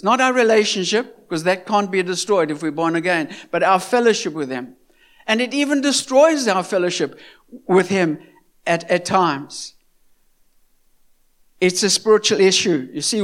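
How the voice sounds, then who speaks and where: A man preaching a sermon in an earnest, repetitive manner, full of rhetorical questions and stumbling restarts. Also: high-pitched.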